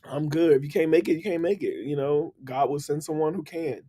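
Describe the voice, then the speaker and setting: A man hosting a casual motivational live stream, upbeat and slangy, giving shout-outs to his viewers. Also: on the high side, brisk, breathy edge. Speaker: livestream host. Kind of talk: casual motivational livestream talk.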